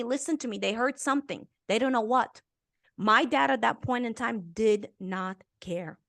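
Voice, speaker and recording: A woman in her fifties from Romania, a guest author telling a personal story in an interview, earnest and emotional, swelling and dropping to a hush. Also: fairly high pitch. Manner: earnest and emotional, with intense swells and hushed drops.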